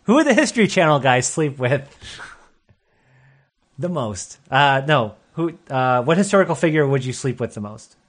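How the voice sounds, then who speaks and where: A man's voice: medium pitch, sing-song, moderate pace. A man co-hosting a comedy podcast who reads out listener questions and giggles through crude banter. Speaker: podcast co-host.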